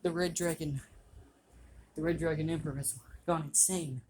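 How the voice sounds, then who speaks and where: A man's voice: a little high, steady tone, moderate pace, a little mellow, a little hiss or hum, voice pushed up, lightly acted. A man voicing a frightened young noblewoman pleading with her father.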